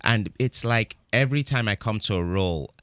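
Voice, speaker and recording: A middle-aged British man with a very low voice, chatting reflectively as an interview guest. He restarts his sentences often and leans on "you know." The sound is close and dry, with no room echo. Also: brisk, a bit bright, clean tone. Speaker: guest actor. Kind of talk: casual interview chat.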